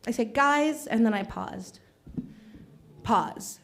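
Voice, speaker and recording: A woman's voice: fairly high pitch, expressive, takes it slowly, gravelly, a bit bright. A young woman hosting an open mic comedy night, chatty and teasing the crowd between acts. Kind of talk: live stand-up hosting. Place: small comedy stage.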